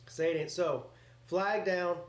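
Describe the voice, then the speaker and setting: A man talks through a football game live, rambling and getting excited over each play, with a voice that sits a little high. He swears casually as he goes, and his mic picks up a roomy, echoey space around him. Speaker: live reaction host. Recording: roomy echoey home setup.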